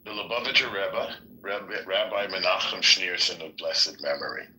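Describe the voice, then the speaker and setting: A man hosting a political podcast, speaking in a measured, emphatic way. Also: low-pitched, steady tone, pushed and bright, slight background noise, poor audio. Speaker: podcast host. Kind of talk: casual political discussion.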